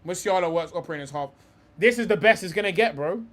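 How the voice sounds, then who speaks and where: A man's voice: high-pitched, fast talker. A young man hosting a live stream, talking football in a rambling, heated way, swearing often and calling people bro.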